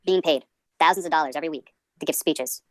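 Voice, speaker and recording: A man's voice: a little high, fast talker, a bit bright, no room sound. A male comedian in his twenties hosting a podcast, rambling through tangents in a self-deprecating way.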